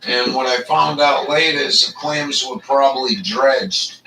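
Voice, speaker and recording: A man's voice: mid-range voice, unhurried, pushed and bright, far from the mic, a little hiss or hum, rough recording. A man hosting a casual chat, rambling and swearing a lot, with many fillers. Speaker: livestream host.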